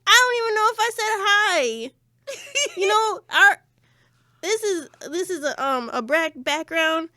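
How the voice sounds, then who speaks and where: A woman chats on a podcast, venting between laughs and tears. Her voice is very high and bright. The sound is dry and close. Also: expressive, measured pace, dry recording. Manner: laughing, tearful venting, swinging from loud to low. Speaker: podcast co-host. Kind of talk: casual chat.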